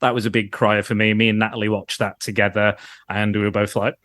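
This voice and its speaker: A man's voice: on the low side, flat delivery, quick pace, fairly bright tone, no echo. A man, co-hosting a casual podcast chat, telling a rambling, self-mocking story and laughing often. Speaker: podcast co-host.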